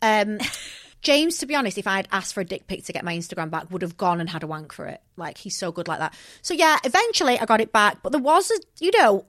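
A woman's voice: medium pitch, quick pace. A young woman co-hosting a podcast, chatting casually and acting out quotes in her stories. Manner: animated storyteller, acts out quotes. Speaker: podcast co-host. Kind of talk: casual chat.

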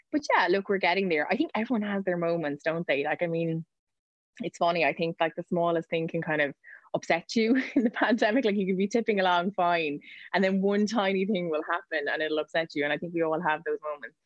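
A woman with an Irish accent, a news reporter chatting as a podcast guest, telling quick anecdotes and laughing often. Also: on the low side, dry recording, muffled recording. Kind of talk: casual podcast interview.

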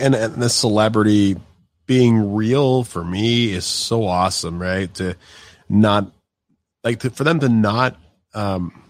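Male podcast host, low-ish, dry sound, loose rambling delivery. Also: dry recording. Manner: loose, rambling, many fillers and restarts. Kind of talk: casual interview chat.

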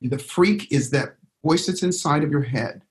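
A man coaching a group on a call, emphatic and lively, acting out the anxious voice in people's heads. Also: fairly high pitch, moderate pace. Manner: emphatic, acts out inner voices, spells words out. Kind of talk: motivational coaching talk. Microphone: call audio.

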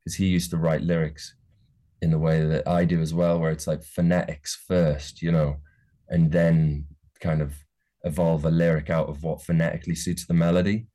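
A deep-voiced man with a soft Geordie accent, chatting as an interview guest. His tone is dark and relaxed, and he rambles, restarting sentences as he thinks aloud. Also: normal speed. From Newcastle, England. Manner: rambling, many restarts and hedges. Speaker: musician guest. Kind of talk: casual interview chat.

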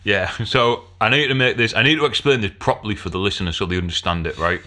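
A man's voice: on the low side, quick pace, pushed and bright. A man telling a story in casual podcast chat, swearing and laughing as he goes. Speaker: podcast co-host.

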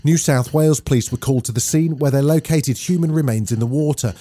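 A man hosting a daily news podcast, reading scripted stories in a brisk, clear newsreader delivery. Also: medium pitch, dark tone.

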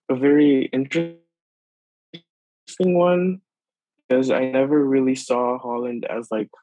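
A man's voice: medium pitch, no echo, low-quality recording. Young guy from bonaire on a podcast, mid voice, dry mic, lots of likes and ums. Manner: relaxed, reflective, many fillers and likes. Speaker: podcast guest. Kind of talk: casual conversation.

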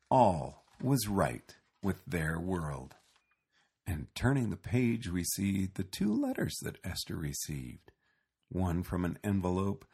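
A man reading a storybook aloud with expressive, animated narration. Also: on the low side, vocal fry, breathy edge.

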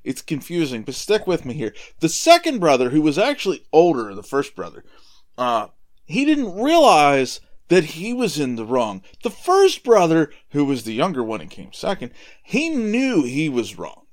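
Animated high-voiced man retelling a Bible story. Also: normal speed. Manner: conversational, animated, with asides. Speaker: podcast host retelling Bible stories.

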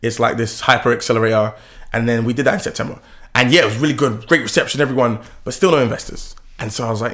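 A young man telling his founder story in a casual interview, animated and laughing often. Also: fast talker. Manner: animated, laughs often, lively pitch swings.

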